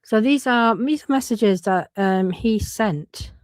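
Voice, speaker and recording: A woman's voice: a little high, slow, dry recording. A woman giving frank, casual commentary and swearing freely, often breaking off and restarting her sentences. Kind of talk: casual commentary reading out messages.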